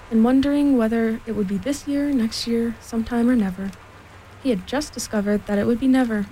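A woman's voice: on the high side, mellow, a little hiss or hum, low-quality recording. Woman reading a storybook aloud. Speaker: reader.

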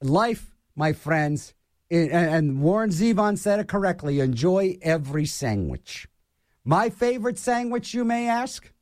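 A man's voice: high-pitched, animated, a little slow, no room sound, clean studio sound. A man from Pittsburgh hosting a show, delivering a playful, mock-argumentative comic rant.

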